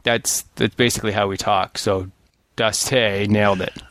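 A man's voice: fairly low pitch, fairly even intonation, moderate pace, a bit bright, no room sound. Laid-back jokey man, dry sound. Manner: laid-back, jokey, reads reviews aloud. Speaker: podcast co-host. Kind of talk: casual podcast chat.

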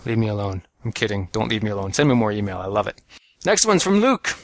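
A man's voice: on the low side, big pitch swings, fast talker, a bit bright, no echo, clean studio sound. A man from Canada co-hosting a casual podcast, reading listener emails with self-mocking jokes, many fillers and restarts. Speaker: podcast co-host.

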